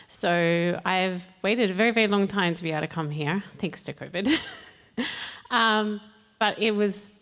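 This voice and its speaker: A woman's voice: medium pitch, a bit bright. A woman from a congregation speaking nervously, with ums and little laughs. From Australia. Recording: long hall reverb.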